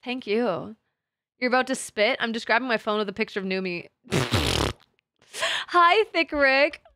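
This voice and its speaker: A woman's voice: a little high, fairly quick, fairly bright tone, no room sound, studio quality. A woman streamer chatting casually with her live chat, crude and teasing, laughing often.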